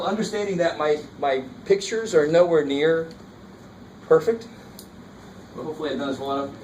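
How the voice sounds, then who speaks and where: A math teacher lectures his class casually but with engagement, his fairly high voice regularly pausing to ask if students follow. The mic sits across a roomy classroom, leaving a faint hiss under his voice.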